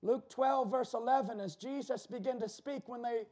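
A male pastor with a very high voice delivers a sermon in church. He builds up to shouted emphasis, then drops into quick asides to the congregation.

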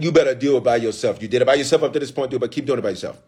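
A bishop and pastor preaches in a conversational, slangy style, his medium-pitched, darkish voice moving quickly. He repeats lines and calls out to the congregation in call-and-response fashion.

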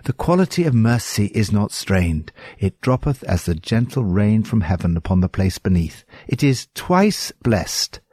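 A man's voice: on the low side, very animated, a little slow, few pauses, a little mellow, husky, no room sound, clean studio sound. A man with an English accent giving earnest, pastoral devotional commentary on scripture.

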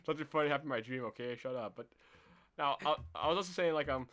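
A man's voice: on the high side, brisk. Young guy cohosting a chill podcast, laughs a lot, rambles, trips over his words. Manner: animated, laughing, lots of fillers and restarts. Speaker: podcast co-host. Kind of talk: casual chat.

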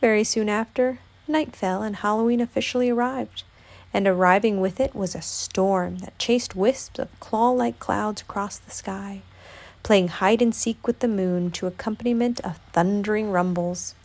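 A woman reading a children's storybook aloud as narrator, with an expressive delivery. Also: mid-range voice, moderate pace.

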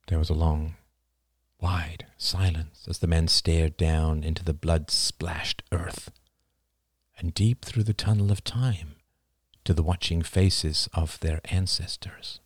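A man narrating a novel as an audiobook reader, in a measured, even storytelling manner. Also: sits low, breathy edge, no echo, studio quality. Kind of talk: scripted narration.

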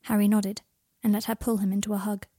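Soft-spoken woman reading a story. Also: level tone, fast talker, no echo, studio quality. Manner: soft, low-key narration. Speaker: audiobook reader. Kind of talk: fan fiction reading.

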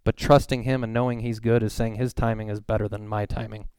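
A man preaching a sermon in a conversational way, reading scripture verses slowly and acting out the people he quotes. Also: lowish voice, little pitch movement, a little mellow, smooth, dry recording. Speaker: pastor.

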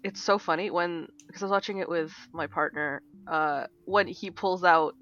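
A woman's voice: lowish voice, moderate pace, dull audio. A woman co-hosting a casual podcast, telling stories with acted-out quotes, laughing and swearing freely. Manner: animated storyteller, acts out quotes, laughs often, swears. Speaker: podcast co-host. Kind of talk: casual chat.

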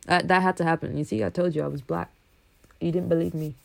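A young woman from a Congolese family, talking casually and animatedly, swinging from loud bursts to low asides. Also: little pitch movement, fast talker, gravelly, no room sound. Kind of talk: casual monologue.

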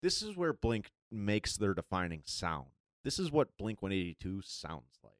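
A man's voice: on the low side, big pitch swings, normal speed, no room sound, clean studio sound. A man guest co-hosting a podcast, chatting casually and agreeing emphatically. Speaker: guest co-host. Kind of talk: casual chat.

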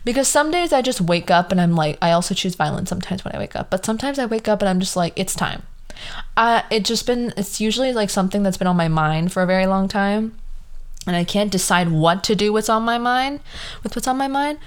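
A woman's voice: medium pitch, quick pace, clear, resonant tone. A woman in her early twenties talking casually on her own podcast, tired and yawning, full of "like" and acted-out quotes. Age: 20s. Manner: chatty, lots of "like", animated quoted voices. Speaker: podcast host. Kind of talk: casual solo podcast monologue.

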